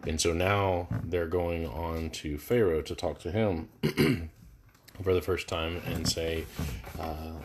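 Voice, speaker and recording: A man's voice: low voice, fairly even intonation, slow pace, a little mellow, slight background noise. A man leading a live verse-by-verse Bible study, talking casually with many fillers and restarts. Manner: casual, thinking aloud with frequent fillers and restarts.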